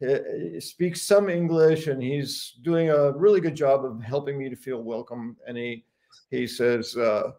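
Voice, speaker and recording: A man's voice: medium pitch, steady tone, a little slow, mellow. A man telling stories and sharing his thoughts in a casual live chat, laughing often. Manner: reflective storyteller, laughs often.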